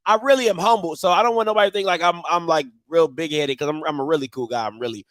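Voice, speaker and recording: A middle-aged man from Maryland hosting a football show, telling a story in a loud, excitable, slangy way with bursts of outrage. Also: fairly high pitch, racing, hardly any pauses, no echo. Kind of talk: casual storytelling monologue.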